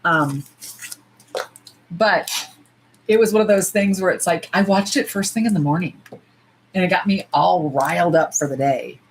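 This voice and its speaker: A woman's voice: on the low side, normal speed, long pauses, a little hiss or hum, rough recording. A woman from the US, chatting casually and animatedly on a nail-swatching livestream, cursing freely and saying y'all. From United States.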